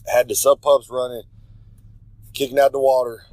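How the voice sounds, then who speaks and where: Recorded in low quality with no room sound, a pro wrestler speaks at normal speed in a mid-range, darkish voice with little pitch movement. His regular-segment promo wanders and swaggers, with self-corrections, and he describes himself in the third person.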